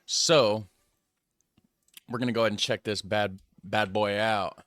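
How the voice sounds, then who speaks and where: American man, reaction host, casual commentary, bright tone, dry close sound. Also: fairly low pitch, steady tone, unhurried, dry recording. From United States. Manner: chatty, musing aloud and hedging.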